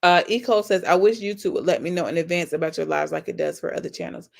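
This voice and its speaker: Woman doing a live q&a for her viewers, bit of vocal fry, earnest and loving, reads comments out. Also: fairly low pitch, animated, fast. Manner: earnest, affectionate, faith-filled talk to viewers. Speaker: YouTube channel host. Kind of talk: casual live-stream Q&A.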